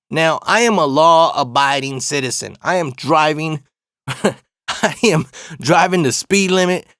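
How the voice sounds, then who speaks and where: Brief: man from Arizona, slangy, cussing storyteller, slightly high voice, dry close sound. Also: dry recording. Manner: profane, slangy, animated retelling. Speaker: storyteller host. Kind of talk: casual storytelling.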